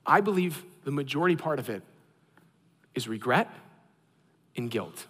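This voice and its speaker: A man in his thirties preaching a sermon, an animated and self-deprecating storyteller. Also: mid-range voice, normal speed, long pauses, breathy edge, in a large hall. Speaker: pastor.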